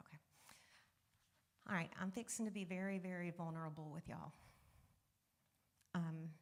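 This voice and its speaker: A woman speaks candidly to a congregation, telling her own story in a conversational way. Her voice sits on the low side, and at hard moments it sinks almost to a whisper. The church hall adds a long, ringing reverb. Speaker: guest speaker sharing a testimony. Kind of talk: personal testimony to a congregation. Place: church sanctuary.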